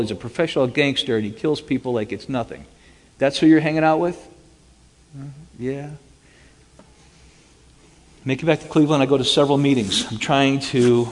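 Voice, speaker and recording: A man recounts a dramatic personal story, switching into animated voices for the people in it. His voice sits at a middling pitch, and the long reverb of a large hall trails after each phrase. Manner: animated, acts out quoted dialogue. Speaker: speaker giving a personal testimony.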